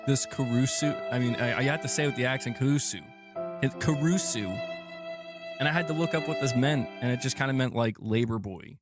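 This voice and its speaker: A man's voice: mid-range voice, fast talker, hardly any pauses, music in the background. A man talking casually on a livestream, joking and ribbing his chat. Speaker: streamer shown in a clip.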